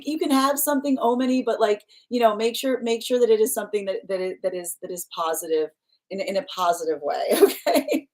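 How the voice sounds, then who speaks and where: A woman's voice: on the high side, darkish tone. Giggly, chatty woman tarot reader. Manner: chatty and giggly, many fillers and restarts. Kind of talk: casual live-stream chat.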